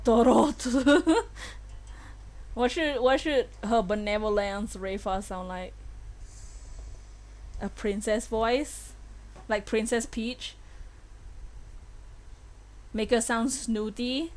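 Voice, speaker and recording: A young woman streaming a game live, giggly and playful, laughing often as she chats. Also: a little high.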